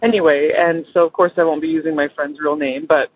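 A woman's voice: sits low, fairly even intonation, brisk, husky, dry recording. A woman caller chattily telling a friend's ghost story over the phone, rambling with fillers and quoting the people in it. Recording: phone line.

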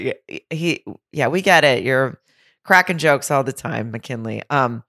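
A woman's voice: very deep voice, normal speed, a bit bright, dry recording, clean studio sound. A woman co-hosting a podcast, chatting and laughing casually while recapping a reality TV show. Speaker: podcast co-host.

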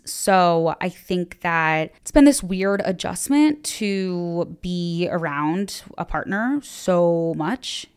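A woman's voice: lowish voice, clean tone. A young woman hosting a podcast, giving casual advice in a candid, self-deprecating way with lots of "like". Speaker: podcast host.

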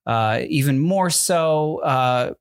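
A man's voice: a little high, takes it slowly, clean tone, no echo, clean studio sound. A young man in casual chat, rambling with many restarts and constant "like" and "you know what I mean". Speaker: podcast co-host and father of infant twins.

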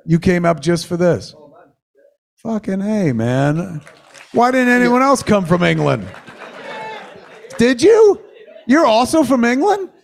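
A man's voice: sits high, slow, vocal fry, pauses often. A man hosting a live podcast show in a cinema, bantering with the audience and swearing freely. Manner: excitable, swears freely, quizzes the crowd. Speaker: podcast host.

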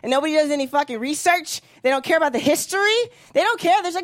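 A woman's voice: sits high, very fast, no room sound, clean studio sound. A woman in her thirties doing a brash, profane stand-up comedy set. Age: 30s. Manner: brash, profane, animated with voiced impressions.

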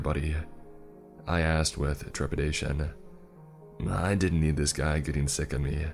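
A man narrating a first-person horror story in a dry, sarcastic tone. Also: extremely low pitch.

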